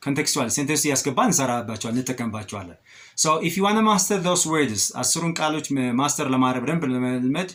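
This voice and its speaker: Animated man teaching vocabulary. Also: medium pitch. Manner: repeats each word slowly and with emphasis, then explains it quickly. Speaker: English teacher. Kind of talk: vocabulary lesson, switching between English and Amharic.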